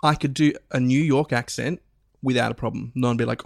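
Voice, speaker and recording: A man in casual podcast conversation as a guest, animated and playful, often slipping into put-on accents. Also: medium pitch, fast, vocal fry, dry recording, clean studio sound. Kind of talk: casual chat.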